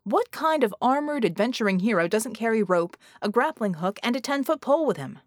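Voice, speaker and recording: A woman voicing a sarcastic male shapeshifting genie hero with quick, mocking remarks, in an audiobook. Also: a little high, sing-song, no echo, clean studio sound. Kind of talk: audiobook character voice.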